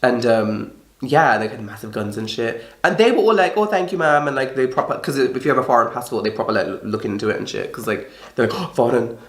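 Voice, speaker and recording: A woman's voice: a bass voice, animated, quick pace. A young woman telling a story in a casual, chatty vlog, swearing often and acting out the people she quotes. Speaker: vlogger. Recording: echoey room.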